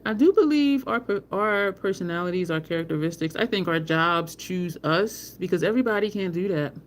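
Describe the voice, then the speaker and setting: A woman's voice: fairly low pitch, lively intonation, brisk. Woman chatting live with faint traffic behind. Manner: rambling storyteller, addresses chat as y'all, frequent laughs. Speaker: livestream host. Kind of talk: casual live chat, answering viewer comments. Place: home, by an open balcony window. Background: faint street traffic.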